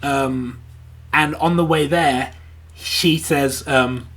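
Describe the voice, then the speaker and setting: Co-hosting a casual anime review podcast, a man recaps the plot in a rambling way, saying "like" constantly and performing character lines in quick voices. He speaks at medium pitch with a steady, fairly bright tone.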